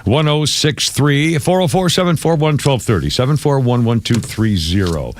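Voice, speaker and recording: A man's voice: mid-range voice, lively intonation, normal speed, a little hiss or hum. A man hosting a morning radio show, talking in a rambling way with restarts and asides. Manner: rambling, restarts and trails off, chuckles. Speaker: radio host. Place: radio studio.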